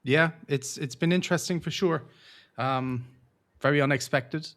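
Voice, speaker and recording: A man's voice: fairly high pitch, moderate pace, a bit bright. A man with an Irish accent, talking as a guest in a casual interview, easygoing and self-deprecating. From Ireland. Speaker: guest, game community manager.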